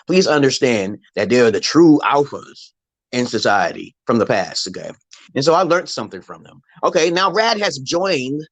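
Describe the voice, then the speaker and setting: A man's voice: medium pitch, very animated, moderate pace, a bit bright, dry recording. A middle-aged man hosting a live stream from his phone, rambling in a profane, opinionated monologue. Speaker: livestream host.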